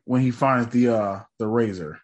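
A man's voice: mid-range voice, normal speed, lo-fi sound. A man co-hosting a casual recap podcast, talking in a laid-back, slangy, joking way. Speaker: podcast co-host. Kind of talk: casual TV episode recap chat.

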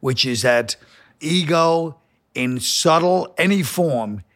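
A man's voice: a little high, animated, slow, a bit bright. A man guesting on a comedy podcast, talking casually in a joking, teasing manner. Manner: joking, teasing, laughs a lot.

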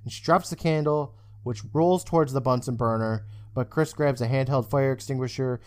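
A man's voice: mid-range voice, moderate pace. A man co-hosting a podcast, casually recapping a TV episode, swearing often and acting out the characters' lines. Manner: animated, swears often, acts out quoted lines. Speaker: podcast co-host.

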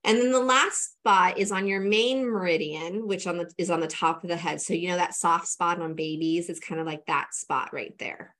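Woman calmly explaining a tapping routine. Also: on the low side, normal speed, hardly any pauses. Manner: conversational, walks through steps with many fillers. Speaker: energy coach guest. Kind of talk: casual explaining, demonstrating tapping.

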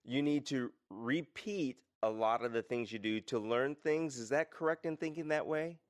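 A man's voice: mid-range voice, moderate pace. A man hosting an interview, summing up and asking follow-up questions. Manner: brief affirmations, summarizing questions. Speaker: interview host. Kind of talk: conversational interview.

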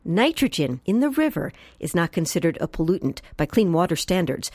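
A woman delivers a scripted radio news report. Her pitch moves lively up and down, and the recording is dry and close. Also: fairly quick, no echo.

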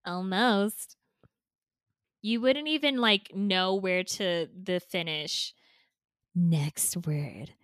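A woman's voice: mid-range voice, slow, fairly bright tone, clean tone, no room sound, clean studio sound. A woman co-hosting a podcast in casual chat, playful and teasing, full of "like". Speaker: podcast co-host.

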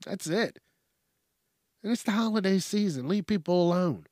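A man's voice: high voice, lively intonation, moderate pace, a little mellow, no echo, clean studio sound. A man hosting a news commentary show, ranting in a profane, mocking way about news stories. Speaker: host.

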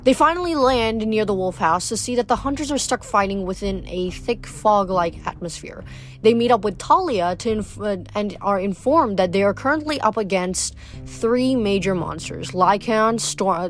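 A woman's voice: mid-range voice, moderate pace, a little hiss or hum. A woman summarizing and then reading a novel aloud, with frequent restarts and self-corrections. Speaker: book reader.

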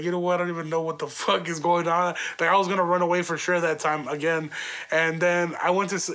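A man's voice: high-pitched, pushed and bright. A young man hosting his own podcast, telling a story in a loose, profane, casual way with laughs along the way. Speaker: podcast host.

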